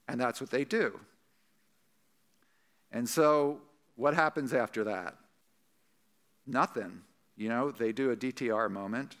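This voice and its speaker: An animated male pastor delivers a sermon, acting out quoted voices with rising pitch.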